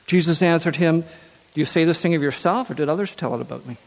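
A man's voice: on the high side, fast, in a large hall. A man preaching a sermon who reads scripture aloud and then repeats key phrases for emphasis.

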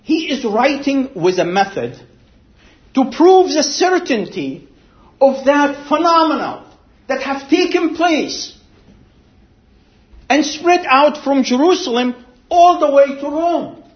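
A man preaching a sermon, slow and deliberate, telling a story and then pressing his point with emphatic swells. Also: extremely high pitch, big pitch swings, reverberant, dull audio.

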